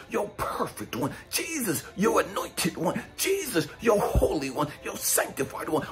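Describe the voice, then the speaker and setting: Blunt, profane preaching man with a lively pitch. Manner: blunt and profane, swinging between low muttering and high shouting. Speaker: spiritual coach and speaker. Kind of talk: profane street-style preaching monologue.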